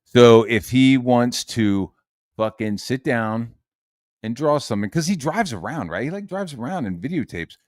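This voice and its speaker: A man's voice: mid-range voice, lively intonation, moderate pace, darkish tone, dry recording, clean studio sound. A man streaming from his room, ranting casually and swearing a lot. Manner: profane and heated, lots of swearing.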